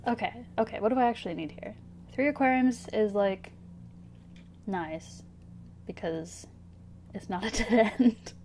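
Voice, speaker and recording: Slow, musing woman streamer. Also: mid-range voice, slight background noise. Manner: thinking aloud, hesitant, giggly. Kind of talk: casual gameplay commentary. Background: soft background music.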